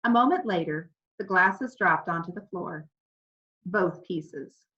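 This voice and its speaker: A woman narrating a children's storybook with clear, expressive delivery. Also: fairly low pitch, takes it slowly. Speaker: audiobook narrator. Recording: slightly dull lo-fi recording.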